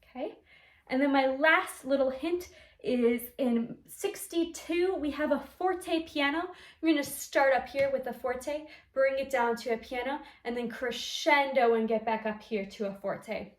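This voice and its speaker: High-voiced woman teaching flute, echoey room. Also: unhurried. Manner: clear step-by-step explaining, sings articulation syllables. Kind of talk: instrumental music lesson.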